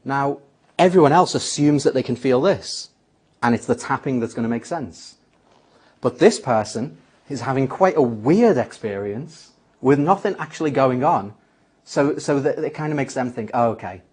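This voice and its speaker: A man's voice: mid-range voice, normal speed, darkish tone, husky. A man teaching a magic trick step by step, acting out the lines he says to a volunteer. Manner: explains step by step, acts out his patter lines. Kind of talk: spoken tutorial.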